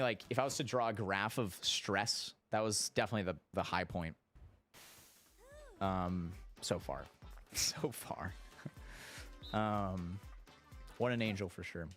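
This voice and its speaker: A young man streaming, telling a story casually, animated and profane, his voice shooting up when excited and sinking low when he reflects. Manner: animated, swearing, jumps high in pitch when excited.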